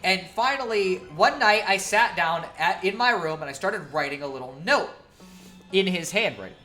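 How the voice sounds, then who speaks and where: A woman's voice: medium pitch, sing-song, measured pace, fairly bright tone, soft background music. A woman streamer telling a long story in a casual, profane, laughing way.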